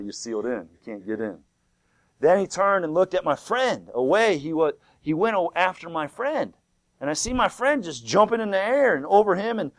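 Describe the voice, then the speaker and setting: Preacher guy, kinda high voice, fired up then quiet, dry close sound. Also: dry recording. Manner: fervent, swings from loud to hushed. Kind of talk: sermon retelling a vision.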